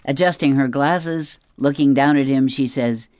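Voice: mid-range voice, unhurried, a little mellow, smooth, dry recording. A reader describing comic strips aloud, with chatty asides and chuckles.

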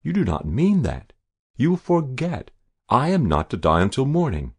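A man voicing a captured spy who reasons calmly about death in an audiobook reading. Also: medium pitch, creaky, slightly rough, no room sound, voice pushed up, heavily acted. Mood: pleading. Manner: measured, reasoning, then pleading. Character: calm, philosophical male captured spy.

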